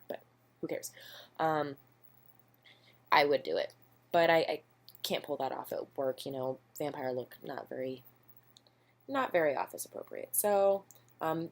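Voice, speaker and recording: Low-pitched young woman, casual beauty vlogger, chatty and self-deprecating, recorded at home on a camera mic. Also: darkish tone. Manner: rambling, chatty, self-deprecating, lots of ums. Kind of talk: casual makeup haul chat. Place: home, indoors.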